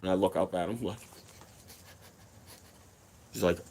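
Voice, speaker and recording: Speaking low and unhurried, a man loosely recounts something wild that happened to him. His retelling rambles, is full of profanity, and comes alive with acted quotes.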